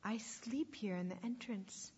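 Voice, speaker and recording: A woman doing a calm, protective shepherd. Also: breathy edge. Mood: solemn. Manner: slow, low, steady. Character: strong, calm adult male shepherd, protective. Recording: echoey hall, dull lo-fi sound.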